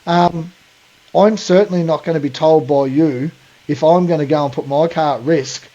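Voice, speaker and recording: This Australian podcast co-host speaks at a moderate pace in a warm, fairly high voice. He's blunt and given to ranting in casual conversation, and he says "mate" constantly. The audio quality is lo-fi.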